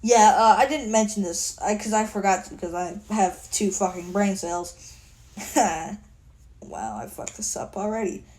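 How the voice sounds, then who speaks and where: A tired woman casually retells her fan fiction, rambling and swearing often. She keeps poking fun at herself and talks at a slow, unhurried pace, in a voice of ordinary pitch. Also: expressive, a little mellow. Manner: rambling, swears a lot, self-mocking.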